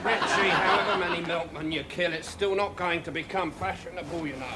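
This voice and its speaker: An actor playing an unflappable, sardonic butler who speaks in a dry, measured way. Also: male voice, high voice, fairly even intonation, over a noisy crowd, heavy background noise, close to an everyday voice.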